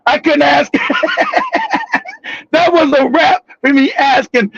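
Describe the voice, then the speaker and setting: A man tells a profane, animated story on a live talk show, laughing and shouting now and then. His voice is very high, gravelly and husky. The sound is dry and dull, like a lo-fi stream. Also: slow, pauses often, dry recording. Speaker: show host.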